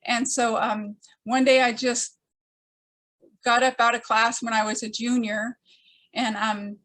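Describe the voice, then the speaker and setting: An older woman telling a personal story to an audience, with wry humor and frequent pauses. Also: a little high, flat delivery, a bit bright. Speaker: storyteller speaker.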